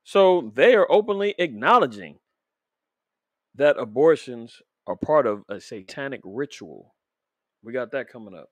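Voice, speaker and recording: A man hosting a casual religious commentary podcast, talking straight to his audience with preachy, animated rhetorical questions. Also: medium pitch, a little slow, dry recording. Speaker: podcast host.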